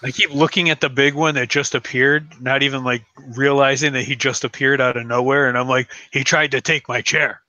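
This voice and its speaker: Bright-voiced guy gaming, playful, trips over his words, dry sound. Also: mid-range voice, flat delivery, brisk, few pauses, no room sound, muffled recording. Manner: playful, stumbling, laughing. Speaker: player. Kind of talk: casual tabletop play.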